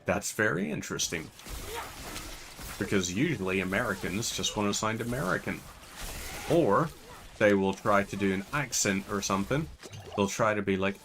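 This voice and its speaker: A man's voice: fairly low pitch, expressive, normal speed, creaky, long pauses, fairly bright tone, slight background noise. A man with a Northern Irish accent giving casual, rambling gameplay commentary as a channel host. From Northern Ireland. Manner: chatty, rambling digressions.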